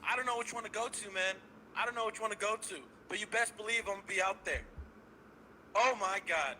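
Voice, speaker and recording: Brash male caller, high and piercing, loud excitable rant, light line noise. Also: brisk, low-quality recording. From San Francisco Bay Area. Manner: loud, cocky, excitable, swearing, laughing. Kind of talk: hyped fan call-in rant.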